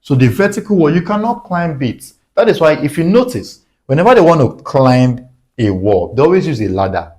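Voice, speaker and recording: A man's voice: a little high, very animated, moderate pace, darkish tone. A man teaching a math lesson at a whiteboard, asking rhetorical questions and answering them himself.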